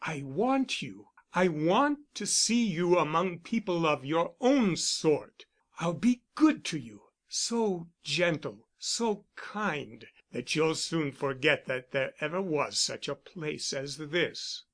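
A man's voice: on the high side, expressive, takes it slowly, exaggerated voice. A man reading the part of a persuasive, insistent suitor who speaks with urgent, coaxing force.

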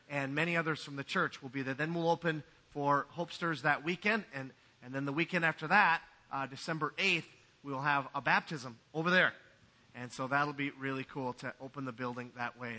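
A man's voice: on the high side, pushed and bright. A man pastor giving a sermon in a conversational, joking way.

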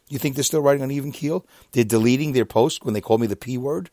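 A man's voice: fast talker, hardly any pauses, dry recording. Exasperated man in his fifties, dry sound. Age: 50s. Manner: animated, exasperated, with sudden jumps up in pitch; reads out messages. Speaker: podcaster. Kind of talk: casual monologue retelling an online argument.

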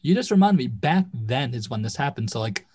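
A man's voice: medium pitch, very animated, a little mellow, slightly rough. Easygoing male podcast co-host. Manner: easygoing, halting, lots of "like". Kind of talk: casual chat.

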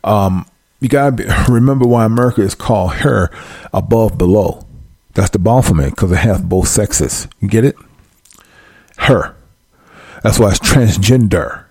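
A scripture teacher on a livestream reads verses aloud in casual preaching, drawing each one out slowly before slipping into quick asides. His low voice is gravelly, husky, rough-edged, and a little mellow, and he often checks whether listeners follow. The recording is dry and of studio quality.

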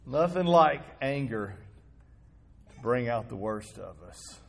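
Husky-voiced male pastor preaching. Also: medium pitch, animated, slow pace. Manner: conversational, storytelling preaching with rhetorical questions. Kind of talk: sermon.

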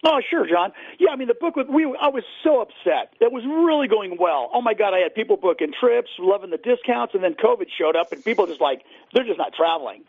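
A man's voice: high-pitched, animated, a little fast, gravelly, hardly any pauses, no room sound. A man telling fishing stories with enthusiasm, with many fillers, as a guest on a radio show. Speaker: fishing guide and boat seller. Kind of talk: casual radio interview. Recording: dry, tinny phone line.

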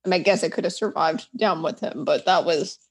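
A woman's voice: fairly low pitch, brisk, husky. A woman co-hosting a casual movie podcast, talking in a hedging way full of "like". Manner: hedging, many "like" fillers. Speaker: podcast co-host.

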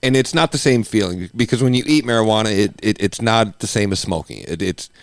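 A man's voice: fairly low pitch, a little fast, no room sound. A man co-hosting a podcast, chatting casually in a blunt, crude way and laughing along. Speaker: podcast co-host. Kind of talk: casual chat.

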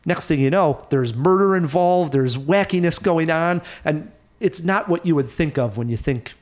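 Animated man reviewing a movie. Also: fairly high pitch, normal speed. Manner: animated, laughs often, mimics actors' voices. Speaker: film review podcast host. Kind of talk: casual movie review chat.

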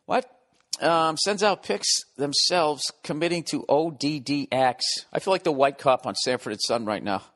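A man's voice: a little high, normal speed, a bit bright, big-room sound. A man hosting a comedy podcast, delivering a casual, rambling monologue full of profanity and sarcasm. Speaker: podcast host.

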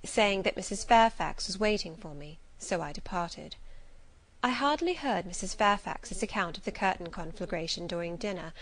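A woman narrator reading a classic novel aloud with clear, expressive storytelling. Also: medium pitch, poor audio. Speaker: audiobook narrator.

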